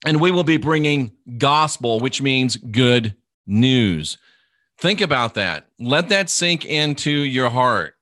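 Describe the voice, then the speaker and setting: Slow, bright-toned preaching man. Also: medium pitch, lively intonation, no echo, clean studio sound. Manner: emphatic, repetitive preaching cadence; draws out words, spells them out. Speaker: minister. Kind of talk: preaching livestream talk.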